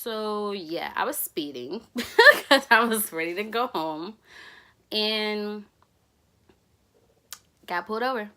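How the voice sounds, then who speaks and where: A woman's voice: mid-range voice, animated, takes it slowly, long pauses, bright, forceful tone. A young woman tells a story on her vlog, laughing and acting out the dialogue. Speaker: vlogger.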